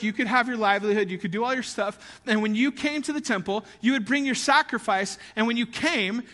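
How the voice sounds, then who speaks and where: A high, bright male voice preaching to a congregation in an animated, conversational way, pushing up into emphatic peaks. The sound carries a long reverb tail from a large hall. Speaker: pastor. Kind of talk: sermon.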